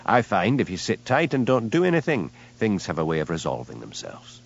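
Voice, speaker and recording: A man playing a lazy, easygoing village policeman with a Scottish Highland accent, mild and unhurried. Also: huge pitch swings, creaky, highs cut off, heavily acted. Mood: easy.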